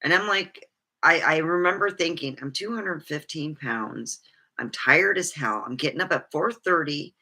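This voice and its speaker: A woman's voice: deep voice, moderate pace, pushed and bright. A middle-aged woman vlogging candidly about her life, rambling and swearing freely. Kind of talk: personal storytelling monologue.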